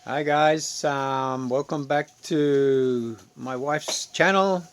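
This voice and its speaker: A man with an Australian accent chatting casually outdoors, relaxed and rambling with frequent ums. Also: medium pitch, very slow, clear, resonant tone. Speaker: vlogger. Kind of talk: casual outdoor vlog chat. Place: outdoors under a tree.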